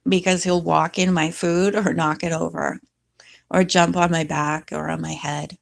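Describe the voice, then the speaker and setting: A woman's voice: fairly low pitch, little pitch movement, measured pace, gravelly. A woman vlogger chatting casually and rambling, now and then talking to her cat.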